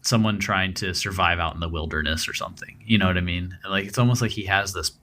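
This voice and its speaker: Deep-voiced man chatting on a podcast. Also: fast talker, pushed and bright, a little hiss or hum. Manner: rambling, many fillers and restarts. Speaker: podcast co-host. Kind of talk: casual true-crime discussion.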